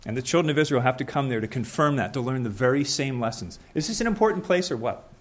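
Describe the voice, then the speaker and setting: A young man preaching a sermon to a congregation. His voice sits at a middle pitch, and he talks conversationally, with asides. He breaks into small acted scenes with voices now and then. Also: lively intonation, fast.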